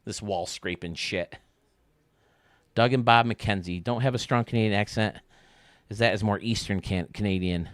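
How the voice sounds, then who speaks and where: A man's voice: on the low side, normal speed, pauses often, no room sound. A man streaming a baseball game, rambling and joking casually with his chat. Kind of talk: casual chat while playing.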